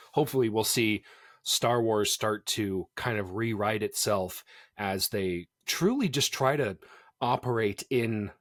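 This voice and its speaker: A man co-hosting a casual podcast, chatty and animated, laughing often. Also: on the low side, slow, no echo, clean studio sound. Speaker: podcast co-host.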